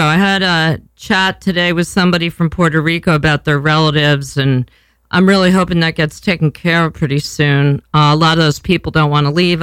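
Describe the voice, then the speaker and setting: A woman's voice: low voice, a bit bright, clean tone, no room sound. A woman, hosting a casual talk show in a brash, rambling way, swearing freely. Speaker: podcast host.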